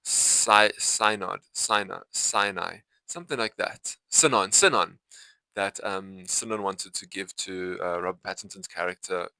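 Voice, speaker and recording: A young man talks to camera about a film, his voice low-pitched but bright and forward. He rambles in loose, unscripted sentences, restarting and correcting himself often. The sound is close and dry. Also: measured pace, creaky, no echo, poor audio. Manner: rambling, full of fillers and self-corrections. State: itchy eyes. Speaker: vlogger reviewing a film. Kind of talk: casual unscripted talk to camera.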